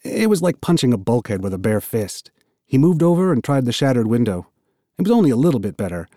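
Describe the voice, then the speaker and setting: A man narrating an audiobook in an expressive, storytelling manner. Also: mid-range voice, quick pace, no room sound, studio quality. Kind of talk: scripted narration.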